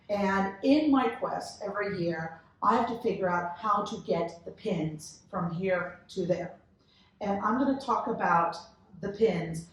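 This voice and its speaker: A woman's voice: medium pitch, a little hiss or hum. A woman from Texas, telling stories as a panelist at a convention panel, chatty and giggly. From Texas, United States. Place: large convention hall. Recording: echoey hall from far off.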